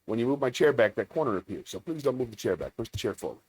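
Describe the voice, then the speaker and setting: A man's voice: mid-range voice, rapid-fire, breathy edge. A man hosting a casual live-stream chat, talking in a playful, chatty way. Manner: chatty, playful, lively delivery. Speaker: comedian host of a live stream.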